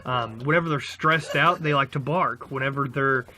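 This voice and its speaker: A man dog trainer on a noisy outdoor recording, talking through a puppy training session in a relaxed, explanatory way. His pitch is mid-range, and he fills his talk with ums and restarts. A puppy barks over and over behind him. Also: moderate pace. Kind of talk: casual instructional talk. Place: outdoors on a rainy day during a training session. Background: a puppy barking repeatedly.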